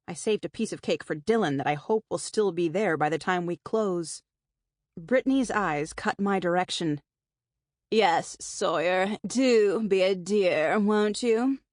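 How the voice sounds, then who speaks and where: Speaking in a mid-range voice, a woman narrates a first-person novel for an audiobook, wry and conversational in tone. The close studio mic picks up no room sound.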